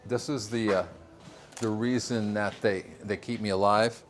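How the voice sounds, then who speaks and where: A man's voice: on the low side, fairly even intonation, unhurried, faint music behind. An older man from Vermont giving a casual greenhouse tour, rambling with fillers and frequent chuckles. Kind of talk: casual walking-tour interview.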